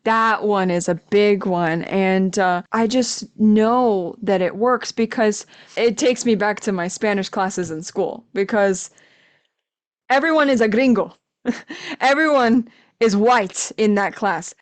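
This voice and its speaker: A young woman guest on a podcast, chatting casually and telling animated stories with quoted voices. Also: medium pitch, takes it slowly. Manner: animated storytelling, acts out quoted voices, laughs often. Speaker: podcast guest, language coach. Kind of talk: casual conversation.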